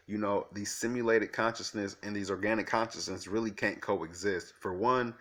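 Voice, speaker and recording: A man with a lowish voice speaks in a loose, rambling monologue to his viewers. He circles back over the same points, earnest, with plenty of ums and likes. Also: fairly bright tone. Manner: rambling, earnest, repeats himself with fillers. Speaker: vlogger. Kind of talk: casual monologue to camera.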